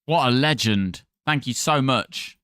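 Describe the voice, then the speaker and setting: Male streamer, casual live chat, smooth clear voice, dry close sound, playful, reads out viewer names. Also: medium pitch, a little slow, pushed and bright, no echo. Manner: chatty, thanks viewers by name, playful.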